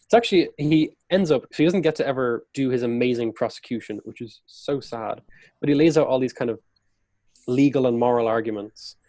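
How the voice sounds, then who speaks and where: A man's voice: medium pitch, fairly quick, warm tone, no room sound. A man, a podcast guest and historian, telling a historical story in conversation and acting out quotes along the way. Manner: vivid retelling that acts out historical quotes.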